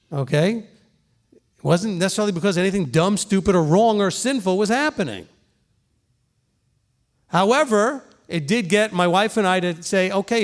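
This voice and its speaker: High-voiced man preaching a conversational sermon. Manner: earnest, conversational teaching with frequent "okay?" check-ins. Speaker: pastor.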